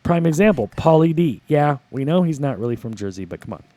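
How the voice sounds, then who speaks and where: A man's voice: fairly high pitch, animated, brisk, mellow, no room sound, lo-fi sound. A man co-hosting a casual podcast, rambling and crude, joking and restarting his sentences. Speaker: podcast co-host.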